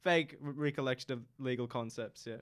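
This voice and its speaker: A young man, a student guest in a casual chat, talking in a halting, playful way and repeating words. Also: mid-range voice, a bit bright. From Australia.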